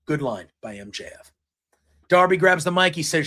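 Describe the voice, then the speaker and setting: Chatty man recapping wrestling, slightly high voice. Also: animated, normal speed, pauses often, a bit bright. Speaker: wrestling show recap host. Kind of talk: casual solo recap.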